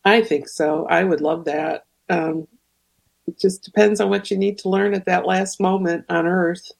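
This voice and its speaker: A woman's voice: fairly low pitch, fairly even intonation, unhurried, gravelly. A woman guest on a radio talk show, speaking hesitantly with many ums and uhs. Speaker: guest researcher. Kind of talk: radio interview.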